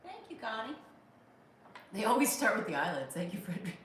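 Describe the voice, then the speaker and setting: An American woman in her thirties hosts a casual livestream, reading viewer comments, joking and thanking people by name with a wry edge. Her voice sits on the high side, sing-song and brisk with a fairly bright tone. She's far from the mic, so there's roomy echo plus a little hiss or hum.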